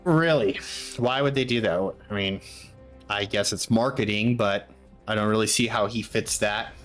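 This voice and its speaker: A man's voice: fairly low pitch, normal speed, a bit bright, faint music behind. A young man streaming a game, muttering to himself and rambling with lots of fillers in casual commentary.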